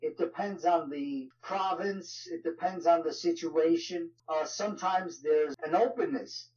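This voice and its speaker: On a muffled recording, a man with a New York accent speaks a little slowly in a darkish, higher-pitched voice. A ministry leader appearing as an interview guest, he keeps things casual and conversational, using many fillers.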